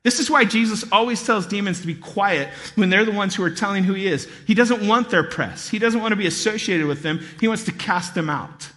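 A man giving a sermon as a pastor, telling stories in a lively way and acting out voices. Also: high-pitched, brisk, few pauses, in a large hall. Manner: animated storytelling, acts out voices. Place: church hall.

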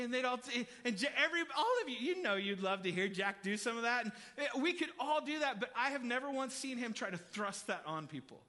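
A man preaching a sermon, telling personal stories in an animated, chatty way and speaking straight to the congregation. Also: very high-pitched, quick pace, hardly any pauses. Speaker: pastor.

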